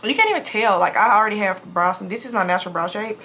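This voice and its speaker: Fast-talking woman vlogging at home. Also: medium pitch, sharp tone, a little hiss or hum. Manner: talks fast without pauses, breathy between sentences. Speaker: nurse vlogger. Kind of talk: casual get-ready-with-me vlog. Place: home bathroom. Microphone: camera mic.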